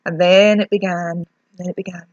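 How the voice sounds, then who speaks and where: A woman's voice: fairly low pitch, flat delivery, moderate pace, a little mellow, no echo, muffled recording. A young Scottish woman ranting chattily through a lip product review, self-mocking as her lips sting. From Scotland. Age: young adult. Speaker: beauty vlogger.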